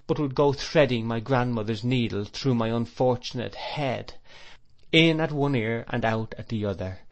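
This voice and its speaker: Man reading a classic novel aloud. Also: medium pitch. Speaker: audiobook narrator. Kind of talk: scripted literary narration.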